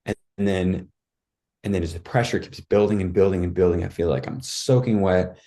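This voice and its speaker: A podcast guest with a fairly low, warm, relaxed voice tells a personal story at a brisk clip. He's casual and vivid, acting out his own cries along the way, and peppers his speech with "like" and "dude."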